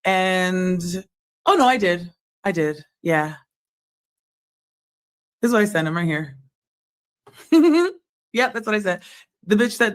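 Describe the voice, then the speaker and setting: Blunt, sarcastic woman on a call. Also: mid-range voice. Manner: sarcastic, blunt, quick retorts. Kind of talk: heated casual argument.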